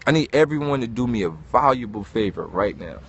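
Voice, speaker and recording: Man, lively swooping pitch, husky voice, preachy motivational talk. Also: brisk, lo-fi sound. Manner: animated, preachy, swearing, addresses listeners as dog. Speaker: host.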